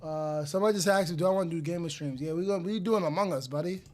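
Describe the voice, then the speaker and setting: A man's voice: on the high side, racing. A young man streaming live, reacting to music in a hyped, slangy way. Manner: hyped, slangy, loud outbursts and laughter.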